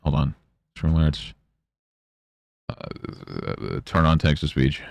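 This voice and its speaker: A man's voice: a bass voice, steady tone, slow pace, vocal fry, darkish tone, dry recording. A man streaming, grumbling, swearing and muttering to himself about his setup. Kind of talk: casual livestream chatter.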